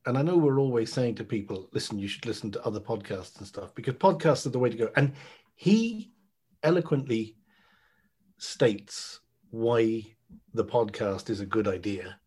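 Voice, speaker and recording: An Irish man chatting on a podcast, animated and laughing, mimicking other people's voices, a little out of breath. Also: mid-range voice, normal speed, breathy edge. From Ireland. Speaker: guest. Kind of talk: casual podcast chat.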